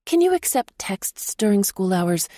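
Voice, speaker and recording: A woman's voice: medium pitch, big pitch swings, unhurried, dark tone, dry recording, studio quality, pitched above the performer's own voice. Woman doing a wry, joking grandmother. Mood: earnest. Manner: wry, self-mocking. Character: chatty, joking grandmother in her late forties.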